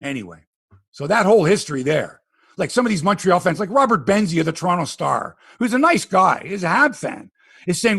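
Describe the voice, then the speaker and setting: A man hosting a sports podcast, ranting in animated, profane casual talk. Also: sits high, fairly quick, gravelly, slightly rough, no echo.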